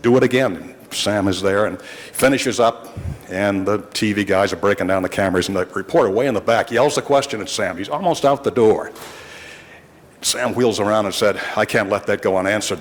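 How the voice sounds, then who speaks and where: This man's voice sits lowish, trailing a long reverb through the large council chamber. He's a veteran reporter in his sixties, spinning wry, meandering stories for the council and frequently starting over.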